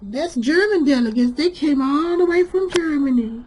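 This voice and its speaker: A very high, shrill-voiced sassy church lady, as a man puts her on. She drawls with sugary sarcasm, calling everyone honey. A comedic character monologue. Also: animated, normal speed, a little mellow, slight background noise. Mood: sarcastic. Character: sassy sharp-tongued churchgoing woman.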